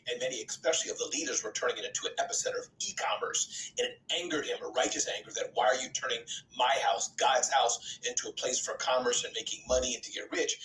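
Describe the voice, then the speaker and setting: A man's voice: mid-range voice, sharp tone, echoey room, recorded from a distance, low-quality recording. A man joining a live online show as a caller, earnestly explaining at length and restarting his phrases as he goes.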